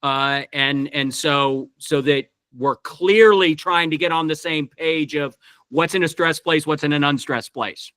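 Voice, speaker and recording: Man, director teaching verse, digressive, restarts often, high bright tone, dry sound. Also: unhurried, clean tone, dry recording. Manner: digressive, many restarts, thinks aloud. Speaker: director leading a verse workshop. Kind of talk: teaching talk on Shakespeare verse. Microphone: video call.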